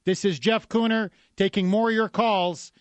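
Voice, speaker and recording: A man's voice: high voice, steady tone, normal speed, dry recording. A man hosting a talk radio show, delivering an emphatic, combative monologue with lots of repetition. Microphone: studio microphone.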